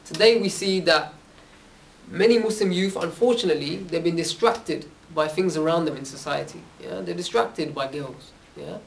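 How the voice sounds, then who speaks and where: A man with a high voice gives an informal religious talk to youth, recorded from a distance. He tells the stories in a loose, conversational way and keeps checking in with "yeah?" after nearly every phrase. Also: normal speed, gravelly, a little hiss or hum. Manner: casual, conversational storytelling. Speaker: religious speaker. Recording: distant from the mic.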